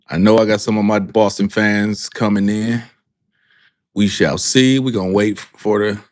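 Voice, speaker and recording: A man hosting a live sports talk stream, calling out to his viewers and repeating himself in a drawn-out way. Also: fairly low pitch, no echo, studio quality. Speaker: sports talk show host. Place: home studio with a green background.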